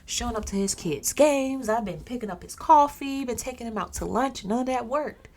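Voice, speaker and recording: A woman's voice: on the low side, a little fast. A woman voicing a sly, fake-friendly male office coworker in a told story. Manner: overly friendly, wheedling.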